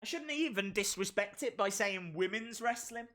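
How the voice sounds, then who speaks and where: A man chats his way through a live reaction stream, playful and prone to repeating himself as he reads out the chat. He talks at an easy, unhurried pace, and his voice is bright and swings widely in pitch. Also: expressive. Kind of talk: casual live reaction commentary.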